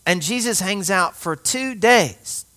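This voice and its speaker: Animated storytelling male preacher. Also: sits high, slow. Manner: animated storyteller, laughs often; conversational, speaks straight to listeners. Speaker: pastor. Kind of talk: sermon with a personal story.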